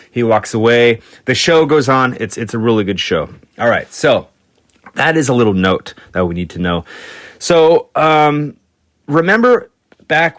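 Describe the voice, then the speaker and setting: A man hosting a podcast, telling a story casually with lots of fillers and restarts, jumping into quick voices for the people he quotes. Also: mid-range voice, a bit bright, no room sound. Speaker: podcast host.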